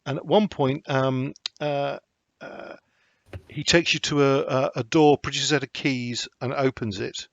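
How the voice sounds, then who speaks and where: A man, narrating as game master for a tabletop horror game and pausing often with ums and restarts. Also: medium pitch, fairly even intonation, gravelly, fairly bright tone, no room sound. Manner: hesitant, many ums and restarts. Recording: dry, slightly dull lo-fi recording.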